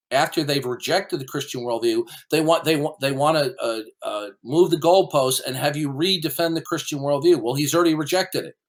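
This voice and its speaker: A man's voice: fairly high pitch, fairly bright tone. A man hosting an online debate, talking in a combative, dismissive way and often repeating words as he argues. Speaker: debate host. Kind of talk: heated debate commentary.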